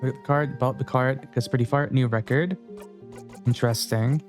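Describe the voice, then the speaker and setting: A man streaming a game, musing aloud to his chat and reading the story text out loud. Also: mid-range voice, steady tone, normal speed, faint music behind. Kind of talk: game let's play with read-aloud text.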